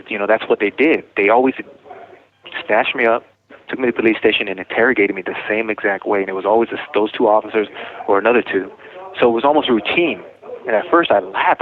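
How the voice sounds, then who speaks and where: A man with a fairly low voice talks fast. He tells his story in a rambling way, keeps correcting himself and acts out the back-and-forth. The sound is thin, like a phone line. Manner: rambling, self-correcting, retells dialogue. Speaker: interviewee telling his story. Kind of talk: personal account in casual talk.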